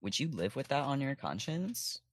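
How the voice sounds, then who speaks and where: A man's voice: mid-range voice, very animated, normal speed. A man playing in a tabletop game, musing in a laid-back way. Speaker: player.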